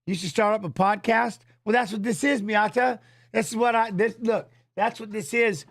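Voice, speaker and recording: Middle-aged male streamer, loose chatty fight talk, higher-pitched voice. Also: moderate pace, fairly bright tone, no room sound, studio quality. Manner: rambling, loose, drops filler tags. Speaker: streaming host and former fighter. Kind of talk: casual livestream chat while watching fights. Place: home office.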